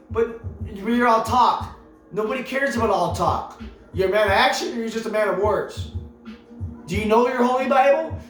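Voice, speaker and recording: A vlogger with a fairly high voice delivers an impassioned political rant to camera, emphatic and preachy, stacking rhetorical questions, repeating himself and stumbling into restarts. It's recorded on a camera mic in an echoey room with faint music in the background.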